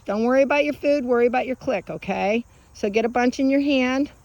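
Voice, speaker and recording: A woman dog trainer coaching a client on a walk in a park, giving direct, encouraging instructions and bursting into high sing-song calls to the dog. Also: brisk, a little mellow, no echo, muffled recording. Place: outdoors in a park.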